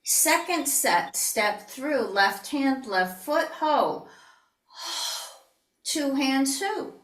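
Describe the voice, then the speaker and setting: A woman teaching tai chi in an online class, calmly cueing each step and breathing out whispered healing sounds. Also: high-pitched, takes it slowly, recorded from a distance. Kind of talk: online movement class instruction. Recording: echoey room, voice heard from off the mic.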